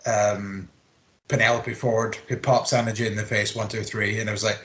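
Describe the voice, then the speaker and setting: A man's voice: lowish voice, little pitch movement, a bit bright. A young man chatting casually about wrestling as a podcast co-host, rambling and swearing. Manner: rambling, swears, quick laughs. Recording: roomy home recording.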